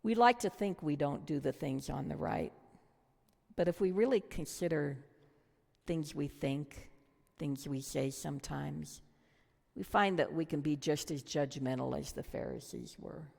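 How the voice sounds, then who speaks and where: A woman's voice: low voice, a little slow, creaky, a little mellow. A woman teaching a Bible study lesson, earnest and reflective, putting questions to her listeners. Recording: long hall reverb.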